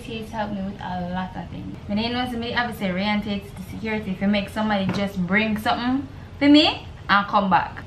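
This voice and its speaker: Young Jamaican woman, vlogger, animated swearing rants in patois, faint background hiss. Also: medium pitch. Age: young adult. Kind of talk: casual chat while assembling furniture. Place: dorm room. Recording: echoey room, faint noise.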